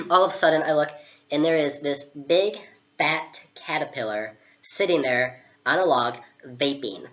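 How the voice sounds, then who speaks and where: A young woman with a very deep voice recounts her adventure in a chatty, sarcastic way. She fills her talk with casual asides. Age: young adult. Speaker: vlogger playing Alice. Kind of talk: storytelling character vlog.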